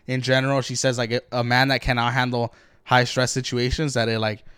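A man's voice: medium pitch, level tone, fairly quick, fairly bright tone, clear, resonant tone, dry recording, studio quality. A young man co-hosting a podcast, ranting bluntly and profanely in casual chat. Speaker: podcast co-host.

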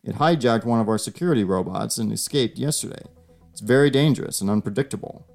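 A man voicing a smug, professional government agent who speaks calmly and persuasively, in an audio story. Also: mid-range voice, vocal fry, faint music behind. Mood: firm. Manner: calm, smug, measured persuasion.

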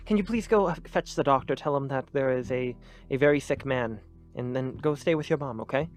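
A man's voice: mid-range voice, a little fast, soft background music, natural voice. A man voicing a nervous, apologetic female governess who stammers anxiously.

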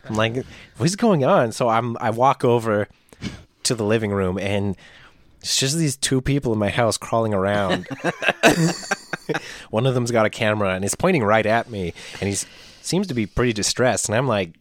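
A man on a casual podcast, telling a story with animated, loud quoted outbursts and plenty of swearing. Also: fairly low pitch, normal speed. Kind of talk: casual chat, acting out a story.

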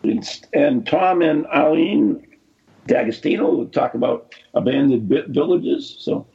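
A man co-hosting a casual chat, rambling and halting with many fillers. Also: fairly high pitch, creaky, warm tone, husky. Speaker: co-host. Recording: dull lo-fi sound.

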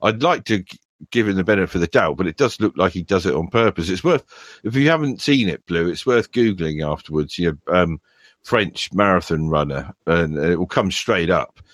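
A podcast host with a very deep voice, telling rambling stories with frequent chuckles. The sound is dry and close. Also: male voice, expressive, brisk, no echo. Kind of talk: casual podcast chat.

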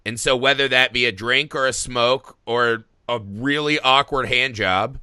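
A man's voice: medium pitch, unhurried, smooth, no echo, studio quality. A man in a casual film discussion, telling stories with plenty of swearing. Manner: animated storyteller, swears freely. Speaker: podcast co-host.

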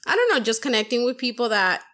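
Young female podcaster, casual chat, animated storyteller who voices others' lines. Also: a little high, fast talker. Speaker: podcast host.

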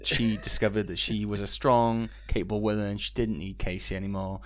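A man's voice: on the low side, flat delivery, a little fast, a bit bright, no echo. A man co-hosting a podcast in casual banter, laid-back and swearing, laughing a lot. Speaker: podcast co-host.

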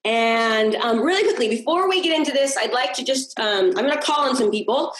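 A woman's voice: high-pitched, lively intonation, a little fast, fairly bright tone, reverberant, slight background noise, poor audio. A woman coaching a group on a video call, upbeat and encouraging, repeating key points and checking in with "okay?". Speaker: business coach.

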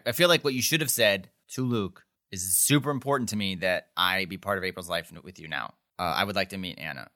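This podcast co-host's voice is on the low side, bright, and forceful. He goes over a TV episode in a loose, rambling way, leaning heavily on "like" and performing the characters' quotes.

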